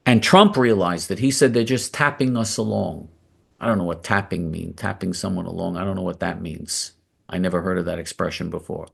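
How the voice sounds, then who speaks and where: A man's voice: low-pitched, fairly quick, gravelly, fairly bright tone, breathy edge. A man hosting a political commentary monologue, blunt and combative, repeating phrases for emphasis. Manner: emphatic and repetitive, doubling phrases for stress. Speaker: host of a political commentary show.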